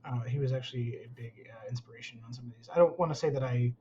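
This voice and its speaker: A man's voice: mid-range voice, quick pace, dark tone, slight background noise. Rambling man on a dull remote line. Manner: rambling, many fillers. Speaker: concept artist guest. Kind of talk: casual interview chat.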